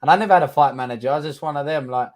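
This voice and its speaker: A man's voice: on the high side, very fast. Blunt london guy in his thirties telling a story, swearing and doing the voices of people he talked to. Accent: London English. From England. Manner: blunt, swears freely, acts out quotes. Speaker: guest fighter. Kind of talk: casual storytelling interview.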